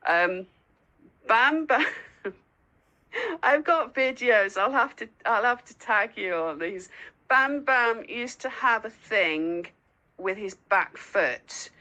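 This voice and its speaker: A woman guest in a casual interview, telling lively stories with lots of laughter and squeaky acted-out asides. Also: slow pace, pauses often, low-quality recording. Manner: giggly storyteller, acts out lines in a high squeaky voice. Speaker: guest, dog owner and foster carer.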